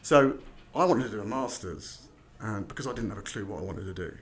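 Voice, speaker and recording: A man's voice: on the low side, animated, a little fast. A middle-aged man from London, with a slight Midlands tinge to his accent, chatting as a podcast guest and telling his story with plenty of restarts. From England. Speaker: podcast guest, recruitment founder. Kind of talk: casual interview chat.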